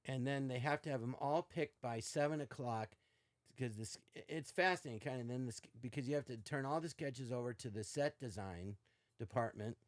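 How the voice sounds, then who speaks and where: An older man with a mid-range voice, recorded dry and close, speaks in a casual storytelling way. He swings into put-on voices when quoting people and keeps the tale lively. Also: medium pitch, moderate pace, no echo. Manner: animated, acts out quotes in varied voices. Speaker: podcast guest.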